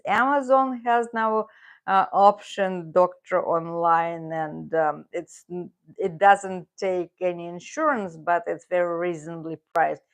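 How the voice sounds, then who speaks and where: Slow, gravelly woman with a Russian accent. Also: lowish voice. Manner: halting, many fillers and restarts. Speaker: livestream host. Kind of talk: casual chat with viewers.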